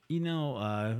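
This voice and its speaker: A man's voice: fairly high pitch, darkish tone, clear, resonant tone. Joking man chiming in on a podcast. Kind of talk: casual podcast chat.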